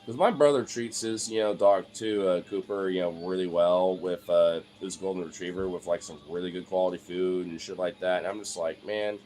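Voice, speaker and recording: A young man and streamer chatting casually, rambling with lots of filler words and swearing, now and then breaking into a high excited baby-talk voice. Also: moderate pace, hardly any pauses, soft background music. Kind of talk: casual chat.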